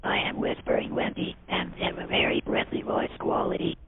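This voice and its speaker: A speech synthesizer voicing a breathy whispering woman figure in a whispered role-play, robotic and monotone. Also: sits high, normal speed, slight background noise, pitched above the performer's own voice, full character voice. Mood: plain. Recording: lo-fi phone-like 1980s tape.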